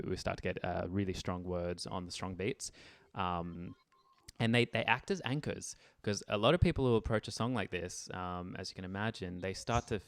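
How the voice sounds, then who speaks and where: A man's voice: sits low, creaky, dry recording. A man teaching an online music theory session in a chatty way, speaking lyrics aloud to show rhythm. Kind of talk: online group lesson.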